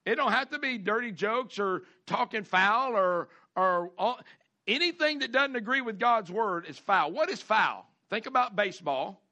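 A man's voice: high-pitched, expressive, moderate pace, pushed and bright. A man preaching a sermon as pastor, folksy, repeating phrases and stretching key words for emphasis.

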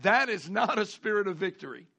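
A man's voice: high voice, big pitch swings, a little fast, creaky, pushed and bright. A man preaching a sermon as pastor, folksy, repeating phrases and stretching key words for emphasis.

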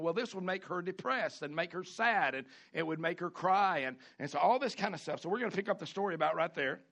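A man preaching a sermon, animated and fervent, repeating phrases for emphasis. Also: sits high. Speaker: pastor.

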